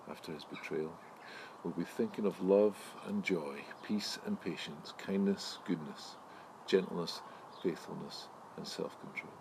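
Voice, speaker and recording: Deep-voiced man preaching. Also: vocal fry, background noise. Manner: friendly, chatty preacher, lively when telling a story. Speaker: pastor. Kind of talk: sermon with a told joke. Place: home during lockdown.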